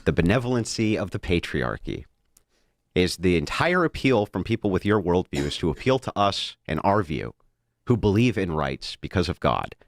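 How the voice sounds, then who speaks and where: A man with a very deep voice argues combatively in a played debate clip, pressing the same pointed questions again and again. His pitch swings widely, and the sound is dry. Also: no room sound. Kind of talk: heated debate.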